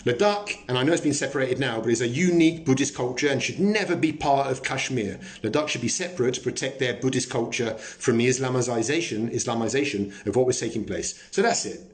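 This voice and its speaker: A man's voice: mid-range voice, a little fast, hardly any pauses. A man hosting a live stream, chatting casually, joking and swearing as he answers viewer comments.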